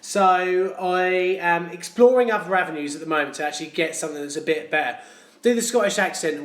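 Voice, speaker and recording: A man's voice: high voice, brisk, roomy sound. Jokey man chatting on a live stream. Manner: jokey, chatty, reads viewer comments aloud. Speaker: plumber hosting a live stream. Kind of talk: casual live-stream chat.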